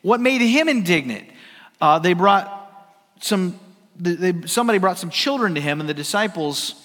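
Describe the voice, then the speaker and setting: High-voiced preacher in a reverberant hall. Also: male voice, animated, normal speed. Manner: dramatic swings from loud emphasis to hushed near-whispers. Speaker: pastor. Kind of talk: sermon.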